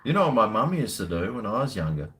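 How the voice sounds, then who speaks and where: A man's voice: on the low side, very animated, fast, fairly bright tone. A man chatting casually and cheekily with viewers on a live stream, joking and trading slangy banter as he tastes a beer.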